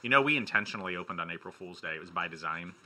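A man's voice: low voice, animated, very fast, bright, forceful tone. A man co-hosting a radio show, bantering in a joking, playful way. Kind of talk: casual banter.

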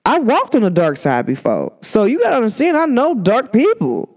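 A woman's voice: fairly high pitch, wildly swooping pitch, moderate pace, darkish tone. A woman in her thirties hosting a casual spiritual talk, slangy, rambling and candid. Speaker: podcast host.

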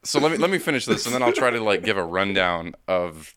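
A man's voice: fairly low pitch, big pitch swings, fast, noisy background. A man co-hosting a podcast, talking about a film in a casual, rambling way and restarting his points often. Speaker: podcast co-host.

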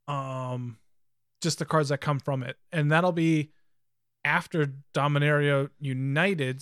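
A man co-hosting a podcast, chatting casually and thinking aloud with many pauses and ums. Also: fairly high pitch, fairly bright tone, clear, resonant tone, no echo, clean studio sound. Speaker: podcast co-host. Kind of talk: casual chat about card games.

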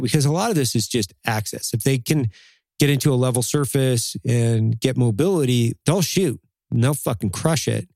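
A man's voice: mid-range voice, creaky, darkish tone, dry recording. A man hosting a casual podcast chat, talking bluntly and profanely in a motivational way.

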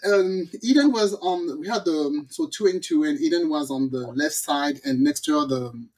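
A woman from the Caribbean hosting a podcast, telling a story in a lively, casual way and acting out the people in it. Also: sits low, moderate pace. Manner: animated storyteller, acts out quoted voices. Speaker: podcast host.

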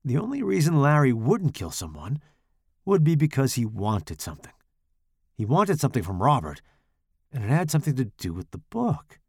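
A man narrates horror fiction with dramatic, expressive delivery and a gravelly edge to his voice. His pitch moves in a lively way, and the recording is close and dry. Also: moderate pace, dry recording. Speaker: author and podcast host.

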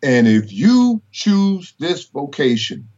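A man's voice: a little high, big pitch swings, slow pace, a little mellow, muffled recording. A middle-aged man, a college professor, telling stories emphatically and preacherly, with biblical references. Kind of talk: inspirational storytelling interview.

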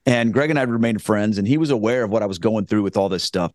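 A man's voice: fairly low pitch, fast talker, a little mellow, dry recording, clean studio sound. A man, earnestly telling his conversion story as a guest, rambling with frequent restarts. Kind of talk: casual spoken testimony.

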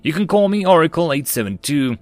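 A man's voice: fairly high pitch, sing-song, a little fast, dry recording, pitched above the performer's own voice. A man voicing a brusque human battle controller who gives blunt, clipped warnings in a slightly raised voice. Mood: curt.

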